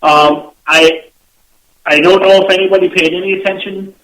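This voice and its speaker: A man's voice: high voice, steady tone, normal speed, fairly bright tone, reverberant, rough recording. Teasing man hosting chat radio. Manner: joking, teasing banter. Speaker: co-host.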